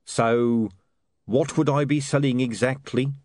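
A man's voice: mid-range voice, fairly even intonation, measured pace, darkish tone, no room sound, pitched above the performer's own voice, lightly acted. A man voicing a shifty, wheedling street hawker in an audiobook.

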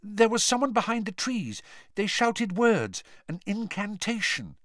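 A man plays a frightened teenage girl in a storybook reading, her voice pitched well up and trembling. She urges and pleads in short, breathless bursts. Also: sing-song, unhurried, fairly bright tone, dry recording, studio quality, full character voice. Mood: shaky. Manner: pleading, shaky.

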